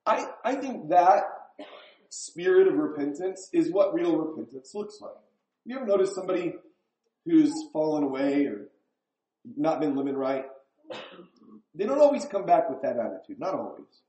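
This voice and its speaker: A man's voice: fairly high pitch, lively intonation, moderate pace, dark tone. A man preaching a sermon in a church, talking in a conversational way and putting questions to the congregation. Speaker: pastor. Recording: echoey room.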